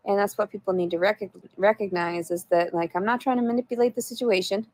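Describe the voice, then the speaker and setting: A woman's voice: mid-range voice, steady tone, fast talker, darkish tone. A woman chatting on a livestream, answering viewers in a blunt, profane, rambling way. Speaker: livestreamer reading chat. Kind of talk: casual livestream chat.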